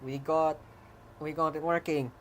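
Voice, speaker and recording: A programmer casually walking through their own code, rambling, correcting themself, laughing often and breaking into excited cheers. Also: medium pitch, unhurried, a little hiss or hum. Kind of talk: casual coding stream commentary.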